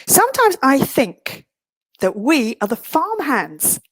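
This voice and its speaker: A middle-aged woman from England giving a webinar talk, theatrical and self-mocking, with big swings in pitch. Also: wildly swooping pitch, slow pace, dry recording. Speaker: webinar speaker. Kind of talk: lively presentation.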